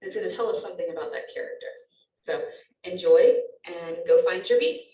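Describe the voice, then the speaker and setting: A woman's voice: lowish voice, fairly quick, echoey room, distant mic, highs cut off. A woman teacher giving a recorded lecture, explaining step by step with frequent ums.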